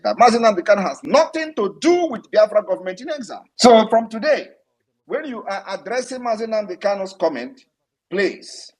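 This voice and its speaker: A man's voice: high voice, breathy edge. A man with a Nigerian accent gives a heated, accusatory speech to a live online audio room, firing off rhetorical questions. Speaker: political leader addressing listeners. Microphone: online audio-room stream.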